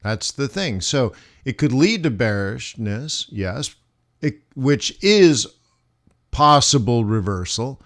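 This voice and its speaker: A man's voice: mid-range voice, very animated, slow. A man running a live forex trading lesson, talking casually and asking the viewers rhetorical questions as he goes over the charts.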